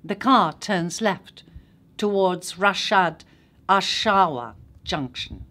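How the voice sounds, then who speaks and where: An actress reading a literary short story aloud in a measured, unhurried way. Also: female voice, lowish voice, animated, a bit bright.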